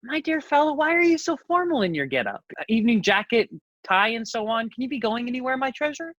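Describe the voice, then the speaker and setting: A woman's voice: a little high, very animated, brisk, a bit bright, dry recording, highs cut off. A woman acting a fussy, fawning older male landowner, gushing with theatrical endearments. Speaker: student actor. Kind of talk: stage acting.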